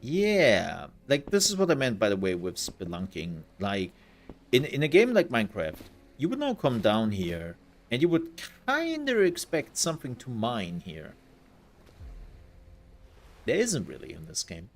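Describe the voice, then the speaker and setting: A man's voice: mid-range voice, huge pitch swings, a little slow, slight background noise. A man giving casual let's-play commentary, thinking aloud as he plays and trailing off into fillers. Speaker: gaming content creator.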